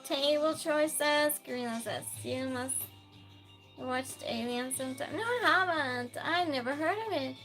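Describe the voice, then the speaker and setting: A woman hosting a live stream, chatting casually, reading viewer comments aloud and calling out loud greetings to regulars. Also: sits high, unhurried, faint music behind. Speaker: livestream host.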